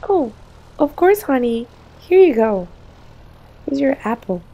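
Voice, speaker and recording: A woman voicing a cheerful, eager family dad in a toy-play story, sounding a little lower than her own voice. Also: very animated, slow, dull audio, full character voice. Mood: caring. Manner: eager and upbeat.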